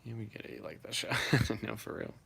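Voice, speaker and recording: A man with a somewhat low voice and a gravelly, fry-edged texture hosts a casual live stream. He reads viewers' comments aloud one after another and answers each in a relaxed, offhand way. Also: a little fast. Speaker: live-stream host reading chat.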